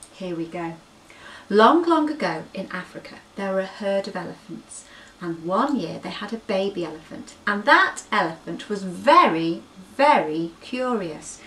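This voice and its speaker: Woman storyteller for kids, very expressive, a little off-mic. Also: medium pitch, distant mic, poor audio. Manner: animated, sing-song storytelling with gasps. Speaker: children's storyteller. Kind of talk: bedtime story reading for children.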